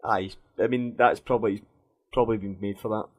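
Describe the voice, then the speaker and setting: A man's voice: on the low side, fairly even intonation, fairly quick. A man with a Scottish accent, co-hosting a podcast, blunt and argumentative in casual banter. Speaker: podcast co-host.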